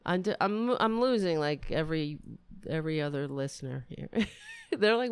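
A woman's voice: low-pitched, animated, measured pace, vocal fry, clean tone, dry recording. A woman from New York hosting a casual podcast, rambling and ranting with profanity and indignation. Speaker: podcast host.

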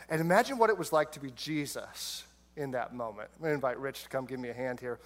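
A man's voice: medium pitch, fast, a bit bright. A man preaching a sermon, telling the story with humor and playful put-on voices for the characters. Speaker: pastor.

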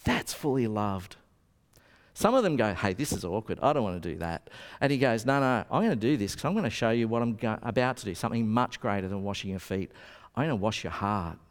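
Animated man preaching in a hall. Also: medium pitch, a little fast. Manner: storytelling, animated, acts out quotes. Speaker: pastor. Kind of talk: sermon. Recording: long reverb of a hall.

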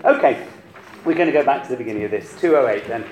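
Now fast and expressive in a mid-range voice, the conductor urges his singers on through hesitant restarts and short sung bits. The choir sings in the background of the echoey rehearsal hall.

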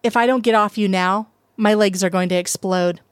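A woman's voice: medium pitch, fairly even intonation, moderate pace, smooth, dry recording, studio quality, close to an everyday voice. A woman voicing a wry grown woman in a read-aloud story.

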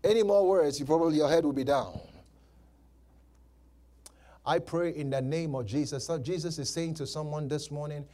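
A man's voice: a little high, moderate pace, long pauses, dark tone. A male pastor preaching a sermon, repeating phrases and laughing between points. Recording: live church service.

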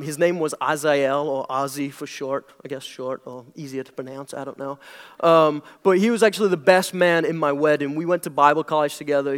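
A young British man preaching a sermon to his congregation in a chatty, joking way. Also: fairly high pitch. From Britain. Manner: conversational and jokey, leaning into his words. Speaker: pastor. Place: church hall before a congregation.

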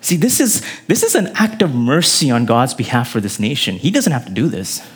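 A man preaching a sermon in an earnest way, his emphasis climbing on key phrases and then dropping low. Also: huge pitch swings, brisk, breathy edge. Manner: earnest preaching with rising emphasis and sudden drops. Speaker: pastor.

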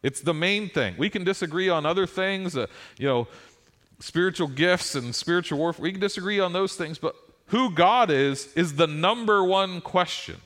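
This middle-aged pastor has a high voice and a moderate pace, and his sermon unfolds as lively storytelling whose emphasis keeps rising.

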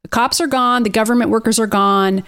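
A young adult woman co-hosting a podcast, chatting casually and acting out quick quotes as she retells scenes. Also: on the high side, fairly even intonation, a bit bright. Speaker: podcast co-host. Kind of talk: casual recap chat.

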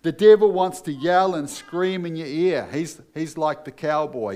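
A man's voice: a little high, measured pace, few pauses, darkish tone. A man preaching a sermon as pastor, earnest and emphatic, putting questions to his listeners.

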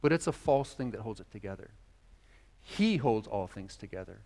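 A man's voice: on the low side, animated, normal speed, warm tone. A man preaching a sermon as pastor, earnest, voicing quoted dialogue as he speaks. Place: church sanctuary. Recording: long church reverb.

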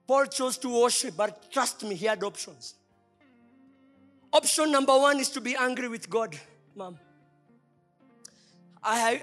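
Male pastor, very high and bright voice, preaching with sudden shouts and hushed drops, music under the sermon. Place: church.

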